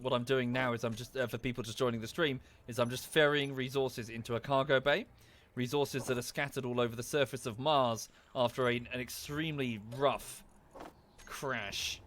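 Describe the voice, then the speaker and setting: A man's voice: medium pitch, a bit bright, slight background noise. A man with an Estuary English accent chatting casually while streaming a game, rambling and thanking viewers as he goes. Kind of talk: casual gameplay commentary.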